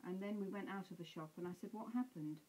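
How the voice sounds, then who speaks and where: An older woman telling stories at home in a gentle way, with soft pauses and fillers. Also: medium pitch, a little hiss or hum, rough recording. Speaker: interviewee. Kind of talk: home video conversation. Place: at home, indoors.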